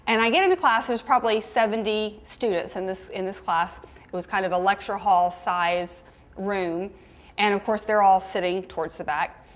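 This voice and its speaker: A middle-aged woman with a Southern American accent tells a personal story in a relaxed, conversational voice. She is animated and expressive. Her pitch sits in a moderate, middle range for a woman. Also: moderate pace. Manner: animated storyteller, with mimicking asides. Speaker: speaker telling a personal story. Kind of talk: storytelling talk.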